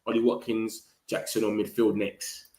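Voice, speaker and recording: A man hosting a fan live stream, reading comments in slangy, animated chat. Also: lowish voice, moderate pace, reverberant. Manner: slangy, animated, hypes viewers. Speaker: fan channel host.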